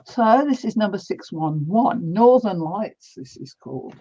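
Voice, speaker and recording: A woman's voice: medium pitch, animated, a little slow, dark tone, husky. An older woman, chatting casually and laughing easily while she works on a quilt. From New Zealand. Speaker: crafting vlog host. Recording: dull lo-fi sound.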